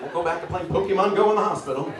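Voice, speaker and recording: Brash comedian in an echoey pub. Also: male voice, high voice, rapid-fire. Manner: brash, crude storytelling with punchy one-liners. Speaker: stand-up comedian. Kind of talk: live stand-up comedy. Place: pub stage in front of a live audience. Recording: distant echoey pub room with crowd laughter. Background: audience laughter and bar ambience.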